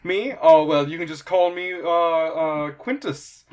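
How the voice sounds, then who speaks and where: A man voicing a nosy male arena announcer who interviews fighters, chattering in a fussy, high-strung way. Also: a little slow, a little mellow, natural voice. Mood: eager.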